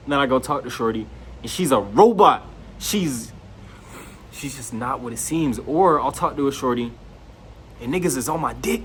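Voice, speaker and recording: A man's voice: medium pitch, expressive, moderate pace, slight background noise. A young man talking straight to camera in a loose, slangy monologue, raising his voice when he quotes his friends. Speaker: vlogger.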